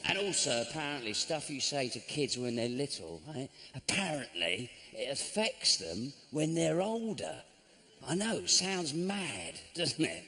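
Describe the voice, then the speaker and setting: A middle-aged man doing stand-up comedy, with a dry, sardonic delivery that jumps into squeaky mock voices. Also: sing-song, unhurried, a little hiss or hum. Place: theatre stage. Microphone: stage microphone. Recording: live show with loud audience ambience.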